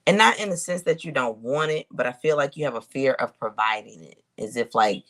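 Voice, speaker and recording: A woman giving a casual spiritual reading to her viewers, thinking aloud with drawn-out hums and pauses and talking to them in a colloquial, direct way. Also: rumbling low, fairly bright tone. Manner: colloquial, addresses viewers as y'all. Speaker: intuitive reader.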